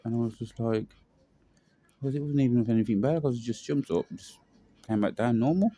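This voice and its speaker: A man's voice: mid-range voice, brisk, dark tone, no echo. A young man telling a personal story in a rambling, slangy way with lots of fillers. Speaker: vlogger.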